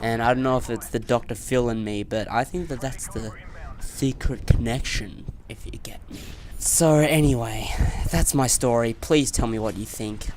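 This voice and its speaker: A man's voice: fairly low pitch, slight background noise. A man with an Australian accent giving a rambling, swearing rant as a gaming commentator.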